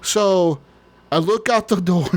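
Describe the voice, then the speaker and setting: A man's voice: high voice, slow pace. A man co-hosting a podcast, telling a long story in casual chat, rambling, swearing often and laughing. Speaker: podcast co-host.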